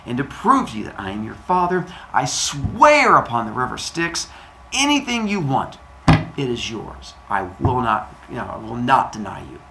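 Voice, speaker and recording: A man voicing a sun god father who booms slowly and grandly. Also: wildly swooping pitch, creaky, pushed and bright, a little hiss or hum, exaggerated voice. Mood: solemn. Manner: slow, booming and grand. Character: booming slow-speaking sun god father.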